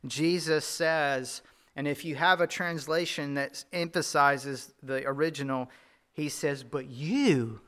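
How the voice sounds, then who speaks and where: A Southern US pastor preaches with a light, high-set voice and a bright, forceful edge. He keeps the tone conversational and throws rhetorical questions to the congregation. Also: fairly even intonation, measured pace, clean tone. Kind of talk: sermon.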